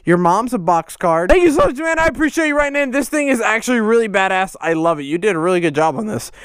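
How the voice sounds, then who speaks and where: A young man vlogging as he opens fan mail, excitable and swearing a lot, breaking into shouts. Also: high voice, fast, clear, resonant tone, no room sound, studio quality. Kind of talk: casual profane vlog chat.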